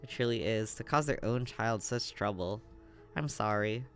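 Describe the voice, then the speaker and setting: A man voicing a soft-spoken, formal middle-aged mother who has lost her son. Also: lowish voice, normal speed, faint music behind. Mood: sorrowful. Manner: quiet, formal.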